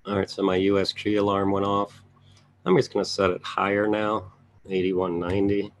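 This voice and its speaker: Reviewing charts live at a moderate pace, this trading educator speaks in a low voice with a completely flat delivery. He thinks out loud while scanning the markets and tosses casual remarks to his viewers.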